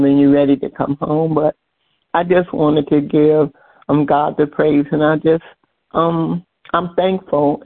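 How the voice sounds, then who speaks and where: An older woman giving a slow, grateful church testimony with halting restarts. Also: deep voice, creaky. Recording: phone-line call audio.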